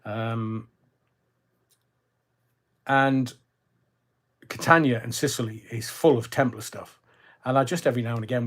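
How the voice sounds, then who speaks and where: An older man from Scotland, hosting a casual livestream, chatty and jokey, rambling with lots of fillers. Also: mid-range voice. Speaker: livestream host reading viewer comments. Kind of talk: casual chat.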